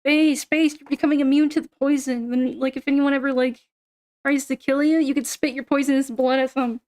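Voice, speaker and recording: A woman's voice: high-pitched, steady tone, fairly quick, a little mellow. A young woman chatting casually on a stream, rambling, swearing and giggling often.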